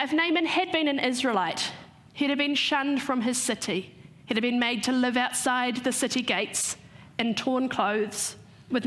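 A woman with a fairly high voice preaching a sermon. She retells the story step by step and slows down on the words she wants to land. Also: fairly bright tone.

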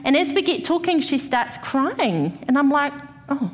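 A woman preaches in a church hall, her fairly high voice trailing off into a long reverb. She tells her own stories and puts questions straight to the people in front of her, as if chatting with them. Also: very animated, normal speed. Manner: personal storytelling, addresses the congregation directly. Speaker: church speaker. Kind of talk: sermon.

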